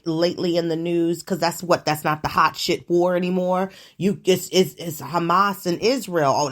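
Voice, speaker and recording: A middle-aged woman sounds off on her solo show, cursing freely and sounding disbelieving. Her pitch swings widely from low grumbles to high squeals. She stammers, restarts and laughs as she rants. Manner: profane, ranting, incredulous. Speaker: show host. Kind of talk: solo commentary on current events.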